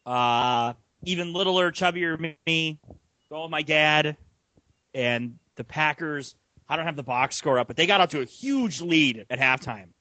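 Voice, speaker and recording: A man's voice: a little high, a little slow, no echo. A young man co-hosting a casual sports podcast, telling stories with laughter. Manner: animated storyteller, laughs while telling stories. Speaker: podcast co-host.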